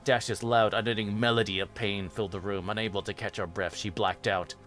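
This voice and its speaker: A man, the host, reading a fan fiction horror story aloud in a steady, even narration. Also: on the low side, a little fast, soft background music.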